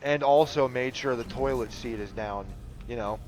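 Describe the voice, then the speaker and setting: A man's voice: mid-range voice, moderate pace, darkish tone, soft background music. A man chatting casually over a game playthrough, rambling with lots of fillers and swearing. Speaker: gamer commentating a playthrough.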